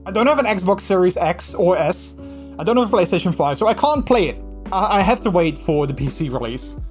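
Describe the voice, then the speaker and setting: A man's voice: high-pitched, animated, fairly quick, faint music behind. A man from the Netherlands with a Dutch accent, chatting casually with viewers on a livestream. He rambles with lots of fillers and restarts. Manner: slips into mocking put-on voices when quoting.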